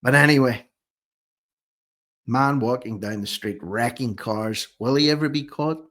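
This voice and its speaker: An adult man, speaking at a middle pitch. He hosts a commentary vlog, reading reports aloud in a plain way before pressing his point with a string of indignant rhetorical questions. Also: measured pace, a bit bright. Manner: reads news reports aloud, then argues. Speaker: host of a commentary channel.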